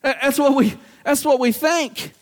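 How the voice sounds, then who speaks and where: A man with a very high-pitched voice preaches to a congregation at normal speed. He's animated, acts out everyday and quoted voices, and puts questions directly to the room.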